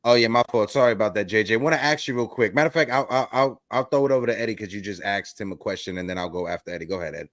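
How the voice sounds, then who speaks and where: A man's voice: on the low side, rapid-fire, hardly any pauses, no room sound. Hyped man hosting a sports chat. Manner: hyped, gives shout-outs. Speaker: host.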